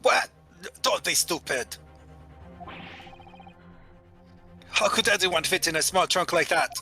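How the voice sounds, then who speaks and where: A man voicing a gruff, dismissive old male passenger with a put-on German accent. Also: high-pitched, moderate pace, bright, forceful tone, soft background music, exaggerated voice. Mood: angry.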